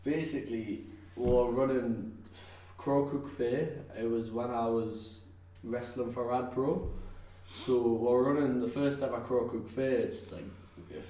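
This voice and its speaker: A professional wrestler from North East England joins a podcast as a guest and chats casually, rambling with lots of fillers, restarts and laughter. His mid-range voice is steady, dark and a little slow, picked up by an echoey, distant mic with faint noise.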